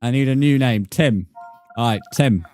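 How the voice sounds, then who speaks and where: A man with a British accent, giving profane, excitable live commentary while streaming a game. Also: mid-range voice, moderate pace, soft background music. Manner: profane, excitable, mock-outraged. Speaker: gaming streamer.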